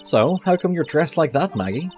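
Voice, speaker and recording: A man reads game dialogue as a flustered young defense lawyer with a dry, sarcastic streak, pitching his voice fairly high, above his natural range, in a lightly acted, expressive delivery. He speaks at normal speed over soft background music.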